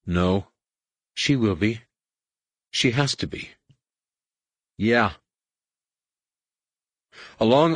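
Man, audiobook narration, husky, lively pitch, low voice, dry close sound. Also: dry recording. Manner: measured storytelling read. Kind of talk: scripted narration.

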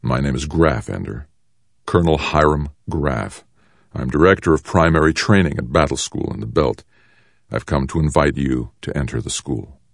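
A man voicing a calm, stern military colonel who speaks in a measured, controlled way. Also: very deep voice, creaky, no room sound, studio quality, heavily acted. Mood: cool, stern.

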